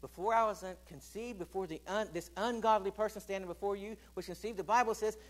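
A man preaching a sermon with a notably high voice. He swings from loud, emphatic declarations down to hushed, low asides, and keeps putting questions to the congregation and calling for answers. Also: fast talker. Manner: asks the congregation questions and calls for responses.

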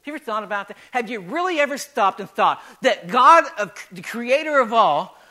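Man preaching, high and bright, builds to loud repeated lines. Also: animated, a little fast. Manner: rising to loud emphatic repetition. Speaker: pastor. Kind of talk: sermon.

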